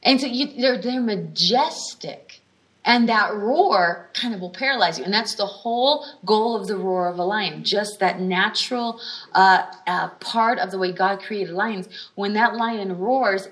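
Woman teaching a lively sermon. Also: mid-range voice. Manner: animated storytelling with repeated emphatic phrases; frequent restarts and brief laughs. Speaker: healing school teacher.

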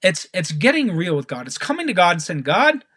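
A man preaching with fervor, repeating key phrases and praying aloud, rising to emphatic peaks and dropping to quiet pleading. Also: sits high, big pitch swings, quick pace, husky, no echo, studio quality. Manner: fervent, repetitive, prays aloud, swings between rising emphasis and quiet pleading. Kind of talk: sermon.

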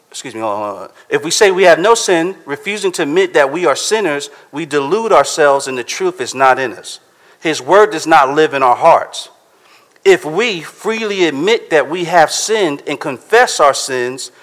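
Pastor, man, conversational sermon style, voice sits a bit high. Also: a bit bright. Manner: conversational preaching, reads scripture slowly.

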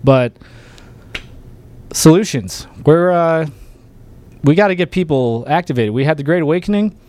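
A man's voice: fairly high pitch, animated, moderate pace, darkish tone. A man hosting a political livestream, talking casually and getting fired up, with emphatic rallying calls. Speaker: livestream show host.

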